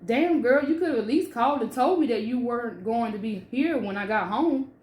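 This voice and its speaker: A man's voice: extremely high pitch, lively intonation, brisk. A woman reading the lines of an agitated young man who scolds his fiancée for coming home late, in an echoey room. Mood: annoyed. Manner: upset, scolding.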